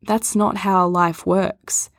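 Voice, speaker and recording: Earnest low-voiced woman teacher. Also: flat delivery, slow, no room sound. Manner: earnest, coaxing, speaks straight to the listener. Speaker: yoga and Reiki teacher. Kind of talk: podcast talk on chakras.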